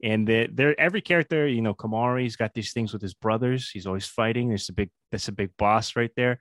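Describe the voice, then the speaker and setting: A man's voice: medium pitch, fairly quick, a bit bright, dry recording, studio quality. A man as a podcast guest in casual chat, rambling and correcting himself as he goes. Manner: rambling, self-correcting, chuckles.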